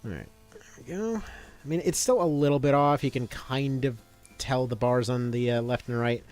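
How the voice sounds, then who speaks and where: A man's voice: mid-range voice, normal speed, a little mellow, soft background music. Chatty rambling male game streamer. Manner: rambling, chatty, many fillers. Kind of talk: casual gameplay commentary.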